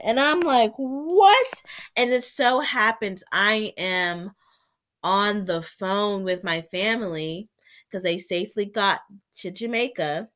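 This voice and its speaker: A woman's voice: mid-range voice, a bit bright. A young woman vlogging in a casual storytelling style, chatty and full of "like", acting out her own reactions while sick with covid. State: sick with covid and an ear infection.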